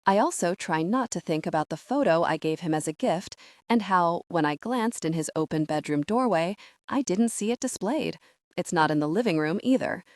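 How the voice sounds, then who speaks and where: A woman's voice: on the low side, moderate pace, dry recording, studio quality. Woman narrating a romance audiobook. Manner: expressive, conversational storytelling.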